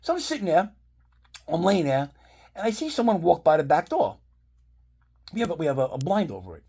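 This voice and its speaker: A man's voice: on the high side, brisk, slightly rough. A man rambling through a casual storytime, swearing often as he retells events. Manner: rambling, profanity-laced, animated retelling. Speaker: vlogger telling a story.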